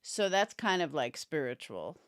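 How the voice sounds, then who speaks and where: This woman has a deep, clean voice and sounds very animated yet unhurried as she offers opinionated, casual live-stream commentary on a true crime case. She replies to viewers by name and yawns along the way, clearly tired. The recording is dry and of studio quality.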